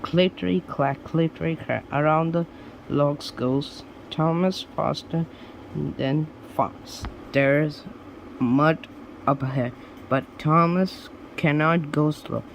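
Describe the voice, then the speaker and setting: Slow, deliberate storybook reader, man. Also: a little high, fairly bright tone, slight background noise, poor audio. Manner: slow, deliberate read-aloud with small slips and restarts. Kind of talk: reading children's stories aloud.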